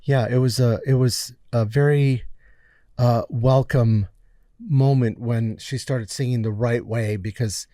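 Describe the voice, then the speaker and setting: A man's voice: medium pitch, measured pace, no room sound. A middle-aged man, a music producer guest, telling stories casually in an interview, acting out quotes with lots of fillers. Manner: animated storyteller acting out quotes, many fillers.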